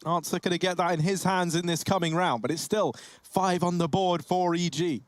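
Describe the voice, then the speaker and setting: A man casting live esports, animated in the play-by-play and joking with his co-caster. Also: high-pitched, moderate pace, no echo. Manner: animated, jokey banter. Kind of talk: live play-by-play commentary and banter.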